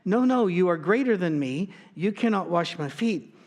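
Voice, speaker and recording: A man's voice: sits high, lively intonation, moderate pace, darkish tone, in a large hall. A man voicing an impulsive, eager male disciple who protests in a flustered, insistent way, within a church sermon. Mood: protesting.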